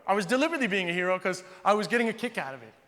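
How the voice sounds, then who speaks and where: A man from the United States doing stand-up storytelling, animated and quick. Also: sits high, big-room sound. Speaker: stand-up comedian.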